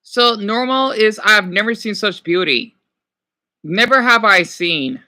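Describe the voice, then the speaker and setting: A man's voice: high voice, measured pace, pushed and bright. A man streaming casually, reading quiz questions aloud and reacting with exclamations while he talks back to his chat.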